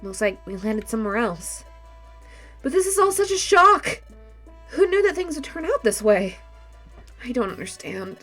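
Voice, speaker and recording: Woman voicing earnest young explorer, determined, expressive voice, game dub. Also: on the high side, normal speed, pauses often, soft background music, pitched above the performer's own voice.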